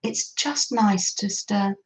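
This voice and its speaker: A woman hosting a live craft stream, chatting gently with viewers, greeting them by name and laughing softly as she works. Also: medium pitch, takes it slowly, poor audio. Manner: soft frequent laughter. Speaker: craft livestream host.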